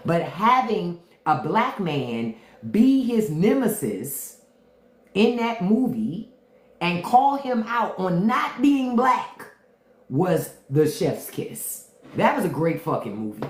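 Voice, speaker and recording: A woman hosting a casual livestream, talking in an animated, profane way and repeating lines for emphasis. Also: on the low side, takes it slowly. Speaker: livestream host. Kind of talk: casual livestream chat about movies. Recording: echoey room.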